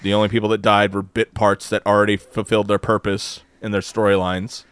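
Man, low voice, dry close sound, casual podcast rant, swears a lot. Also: fairly quick, clean tone, no echo. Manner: animated, profane, mocks others in quoted voices. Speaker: podcast co-host. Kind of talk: casual chat.

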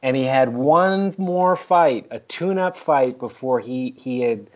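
A man's voice: medium pitch, takes it slowly, highs cut off. A man hosting a podcast, chatting and interviewing in a wry, conversational way. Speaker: podcast host. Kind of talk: casual interview chat.

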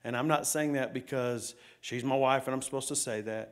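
A middle-aged male pastor delivers a sermon, telling stories and putting questions to the congregation while swinging between loud outbursts and hushed asides. His voice sits in the mid range, and he talks a little fast with hardly any pauses.

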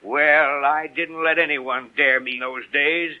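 A man's voice: a little high, fairly even intonation, unhurried, bright, forceful tone, poor audio. An actor in his fifties playing a fond, long-winded family father who tells old stories in a 1940s radio play. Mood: storytelling. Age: 50s. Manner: folksy storyteller.

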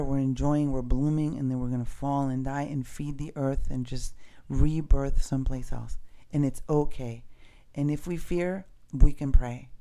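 Soft-spoken man, warm mellow voice. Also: medium pitch. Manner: soft, earnest, spiritual, casually swearing. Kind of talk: reflective personal monologue.

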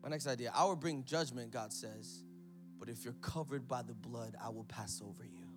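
A man preaching an energetic sermon in church, telling a story and calling out to the congregation. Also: medium pitch, moderate pace, music in the background. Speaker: pastor.

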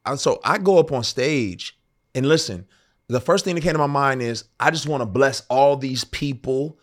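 A man hosting a podcast in casual conversation, excitable and quick to laugh. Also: medium pitch. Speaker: podcast host.

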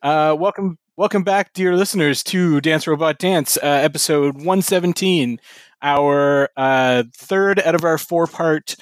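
A man hosting a podcast, relaxed, swearing casually and filling pauses with "uh". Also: on the high side, no echo. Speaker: podcast host. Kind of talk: casual chat, show introduction.

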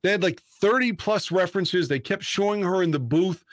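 Male podcast host, fairly high-pitched, recorded dry and close, ranting with indignant bluntness and heavy swearing. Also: normal speed, no room sound. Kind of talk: casual podcast chat.

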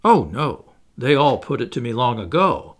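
A man reading the part of a thoughtful young clergyman in a play, measured and guarded. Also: medium pitch, sing-song.

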